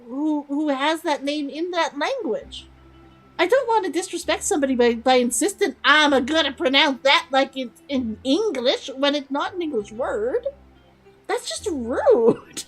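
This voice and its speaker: A woman's voice: high-pitched, poor audio. A young woman streaming a video game, chatting casually, rambling, repeating words and laughing often. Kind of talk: casual gameplay commentary.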